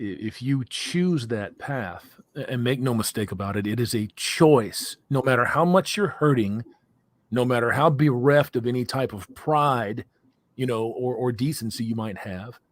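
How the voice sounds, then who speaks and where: A man's voice: medium pitch, normal speed, no echo. A man guesting on a livestream, talking casually and emphatically with heavy swearing. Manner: emphatic, profane.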